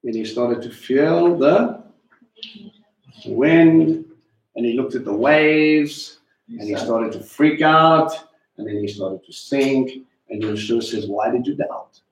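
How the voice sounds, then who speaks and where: Animated preacher man in an echoey room. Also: mid-range voice, takes it slowly. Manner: animated, swings between loud and hushed; talks to the room directly. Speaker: teacher. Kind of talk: sermon.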